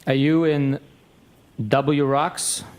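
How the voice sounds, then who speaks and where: A man's voice: on the high side, level tone, extremely slow, a little mellow, clear, resonant tone. Man reading text messages aloud.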